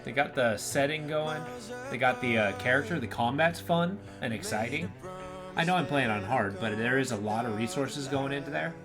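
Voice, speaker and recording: A man's voice: medium pitch, normal speed, music in the background. A man streaming a video game, chatting casually and enthusiastically about it. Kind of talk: casual gameplay commentary.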